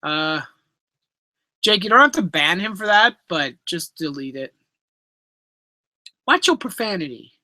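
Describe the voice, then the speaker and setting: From a room at home lined with pet enclosures, a man from Canada hosts a relaxed live stream Q&A, voicing chat messages through his laptop microphone while cracking jokes and cursing. His fairly high voice has lively intonation and a sharp tone, moving a little slowly, and the recording is dry.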